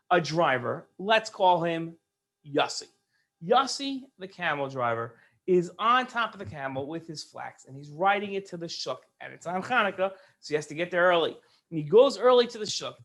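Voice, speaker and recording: A man telling a story to children in a lively, explaining way. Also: sits high.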